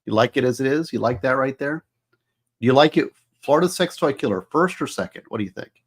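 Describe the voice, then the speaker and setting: A man's voice: medium pitch, expressive, a little fast. A man hosting a casual livestream as an author, musing aloud and asking viewers for their opinions.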